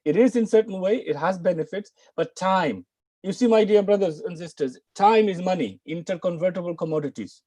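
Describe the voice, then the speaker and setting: Teaching Arabic and the Quran online, this British English speaker from the United Kingdom emphasizes key words and repeats phrases for his learners. His voice is high and mellow, and he talks fairly quickly.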